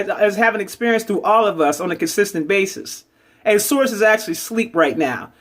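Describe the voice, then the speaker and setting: High-voiced man preaching to followers. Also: fairly bright tone. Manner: preachy, calls listeners babies, keeps asking okay. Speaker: spiritual social media host. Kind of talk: spiritual vlog monologue.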